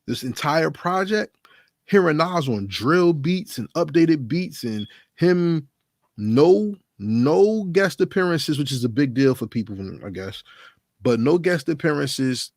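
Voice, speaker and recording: A man's voice: medium pitch, no echo, studio quality. A man hosting a hip-hop commentary channel, talking casually and emphatically to his viewers, with plenty of rhetorical questions. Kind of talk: casual solo commentary to camera.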